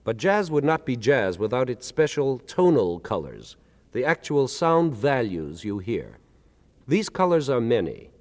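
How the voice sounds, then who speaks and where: A man's voice: mid-range voice, darkish tone, big-room sound. A man giving an articulate, explanatory lecture, counting beats aloud and stressing them to demonstrate. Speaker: lecturer presenting with a band.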